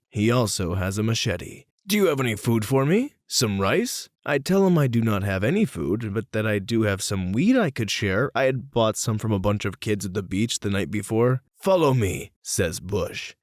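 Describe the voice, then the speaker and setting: A man narrating reader-submitted stories from a script, with animated commentary between them. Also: fairly low pitch, no room sound, studio quality. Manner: reads stories, then reacts with animated asides. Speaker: story narrator. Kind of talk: scripted story reading with commentary.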